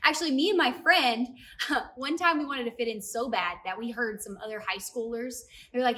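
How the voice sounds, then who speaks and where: A young woman with a high, bright voice tells a story to a youth group in a lively way, often turning to speak straight to the kids. She sounds a bit distant from the mic, and soft music plays underneath. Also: brisk. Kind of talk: personal story in a youth service talk.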